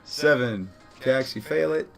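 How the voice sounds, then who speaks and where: Male game master, casual, chuckling, self-correcting, mid-pitched voice, faint music behind. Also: unhurried, creaky, a bit bright. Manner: casual, laughing, correcting himself. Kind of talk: running a tabletop game session.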